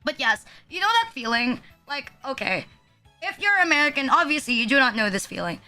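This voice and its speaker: A woman's voice: sits high, big pitch swings, a little fast, sharp tone. A young woman, ranting casually as a streamer, filling her talk with "like" and swearing. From Philippines. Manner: ranting, heavy use of "like", profane. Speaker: VTuber streamer. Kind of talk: casual chat. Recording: music playing behind.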